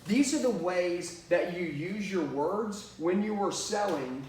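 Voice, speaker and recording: A man's voice: high voice, expressive, slow, darkish tone, far from the mic, slight background noise. Emphatic male sales trainer in an echoey room. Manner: emphatic, repeats "okay?" and "watch this". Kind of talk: energetic sales training lesson.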